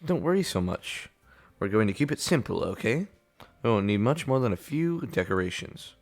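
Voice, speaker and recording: Man doing a composed young woman club leader, put-on British accent, low-pitched and steady. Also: normal speed. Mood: reassuring. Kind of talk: voicing a visual novel.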